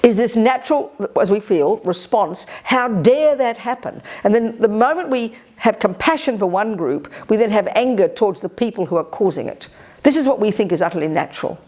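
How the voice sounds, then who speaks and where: An older woman giving a Buddhist teaching at a retreat, animated and emphatic, slipping into other people's voices when she quotes them. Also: mid-range voice, fairly quick. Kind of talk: Dharma talk at a retreat.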